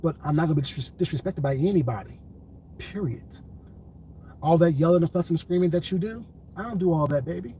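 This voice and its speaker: A man streaming on YouTube, speaking in a calm, controlled, deliberate way and repeating his points for emphasis. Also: fairly high pitch, a little hiss or hum, rough recording. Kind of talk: heated livestream commentary.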